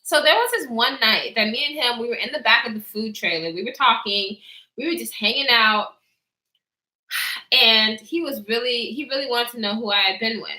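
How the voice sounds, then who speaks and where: In an echoey room, a young woman vlogger's slightly high voice keeps a moderate pace. She's animated as she casually spins a story time, voicing other people's quotes, checking live chat, and breaking into frequent laughter.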